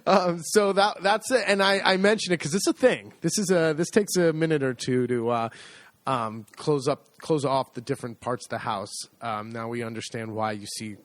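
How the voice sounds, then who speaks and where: A man's voice: medium pitch, normal speed, dry recording. A middle-aged American man co-hosting a podcast in casual chat, joking in a dry, easygoing way. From United States. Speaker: podcast co-host.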